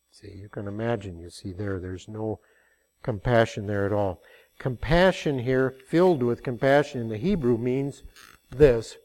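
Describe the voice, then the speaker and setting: A man's voice: medium pitch, moderate pace, a little mellow. An older man preaching a sermon, telling stories in a folksy way and rising into emphatic passages.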